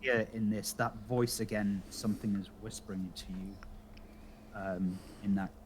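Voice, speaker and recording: Slow, halting man running a game. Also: lowish voice, steady tone. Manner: halting, with many fillers. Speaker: dungeon master. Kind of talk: narrating a tabletop game. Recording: faint background noise.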